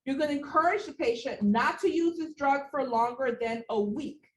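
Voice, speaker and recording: A woman teaching a nursing class, lecturing her students with animated, repetitive emphasis and a little out of breath. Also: sits high, normal speed, recorded from a distance. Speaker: nursing instructor. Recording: echoey room, voice from afar, faint background noise.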